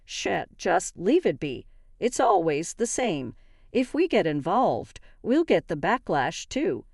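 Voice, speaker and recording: A woman voicing a wary male office worker who mutters in a hushed, resigned way. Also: lowish voice, very animated, slow, dry recording, studio quality, heavily acted.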